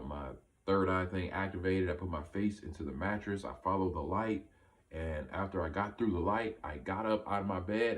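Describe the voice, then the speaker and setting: A man with a very low voice tells a personal story in a loose, casual way. He rambles, leans on "like" and "right?", and sounds amazed at what he is recounting. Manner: animated, amazed retelling. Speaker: vlogger telling a personal story.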